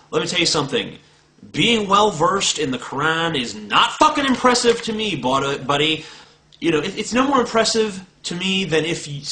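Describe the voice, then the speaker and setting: A man's voice: medium pitch, sharp tone, rough recording. A man recording a blunt, profane video response, talking straight to the camera. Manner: blunt, combative, swearing freely. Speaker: video blogger.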